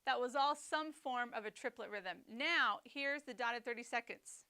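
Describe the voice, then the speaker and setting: A woman teaching a snare drum etude, explaining rhythm and phrasing in a clear, methodical way. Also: on the high side, moderate pace, very noisy. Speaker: percussion teacher. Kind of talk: instructional lesson.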